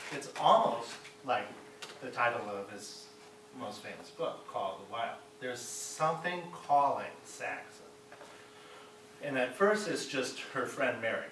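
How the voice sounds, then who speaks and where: A man's voice: mid-range voice, sing-song, moderate pace, pushed and bright, slight background noise. A middle-aged man from Chicago giving a classroom lecture as a guest speaker, often checking in with his listeners by asking "right?". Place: college classroom. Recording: echoey room, mic far off.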